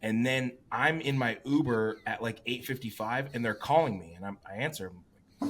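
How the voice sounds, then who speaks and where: A man and competing bodybuilder, co-hosting a casual podcast, telling stories with lots of swearing and animated quoting of others. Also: medium pitch, moderate pace, breathy edge. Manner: profane, animated storytelling.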